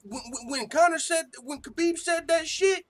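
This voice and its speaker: A man hosting an MMA talk show, chatting casually with lots of swearing and sudden loud outbursts. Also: very high voice, moderate pace. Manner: excitable, swearing, mimics quotes loudly. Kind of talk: casual profane commentary.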